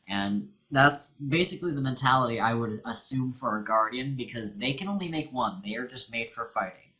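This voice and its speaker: A man's voice: medium pitch, lively intonation, moderate pace, bright, forceful tone, muffled recording. A young man hosting a let's play, reading the game's dialogue aloud and joking casually between lines. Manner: casual, joking, reads in-game text aloud.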